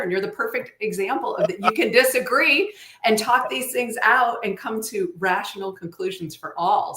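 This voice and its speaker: A woman's voice: medium pitch, fairly bright tone, reverberant. A woman chatting on a talk show in an earnest, preachy way, quoting scripture. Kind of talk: casual talk-show chat.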